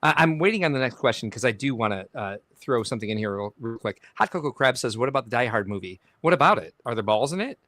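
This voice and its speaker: A man's voice: mid-range voice, lively intonation, fast talker, few pauses, fairly bright tone, no echo. A middle-aged man co-hosting a livestream podcast in casual chat. He reads viewer comments aloud and jokes around them. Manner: jokey, laughing, reads comments aloud with asides.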